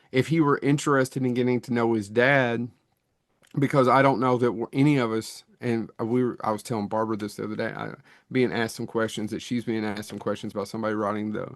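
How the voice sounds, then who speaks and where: A man's voice: lowish voice, fairly even intonation, a little fast, dry recording, studio quality. A middle-aged man co-hosting a podcast, talking in a rambling, self-deprecating way that often restarts mid-thought. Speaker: podcast co-host. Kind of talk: casual chat.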